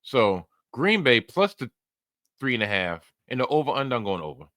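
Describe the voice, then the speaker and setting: A man's voice: mid-range voice, big pitch swings, normal speed, fairly bright tone, no echo. A man co-hosting a podcast, chatting casually about football bets and picks, playful, repeating phrases for emphasis. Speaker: podcast co-host. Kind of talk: casual sports betting chat.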